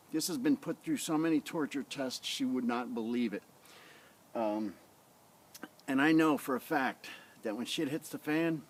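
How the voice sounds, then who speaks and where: A man casually reviewing a survival knife in his yard, talking in a rambling, blunt way into a tablet camera on a tripod. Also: mid-range voice. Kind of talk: casual outdoor demo vlog. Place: outdoors in a front yard.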